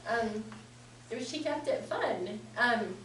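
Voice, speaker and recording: A woman sharing memories at a memorial service, speaking haltingly with fillers and laughs. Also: on the high side, animated, a bit bright. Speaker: family member giving a eulogy. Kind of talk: personal memorial speech. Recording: echoey, distant and noisy.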